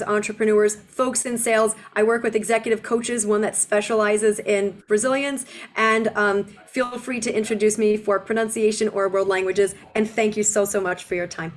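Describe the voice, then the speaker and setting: A woman in her forties, an accent reduction coach, giving a webinar presentation and slowing down to model pronunciation. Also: mid-range voice. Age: 40s. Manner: explanatory, slows down to model pronunciation.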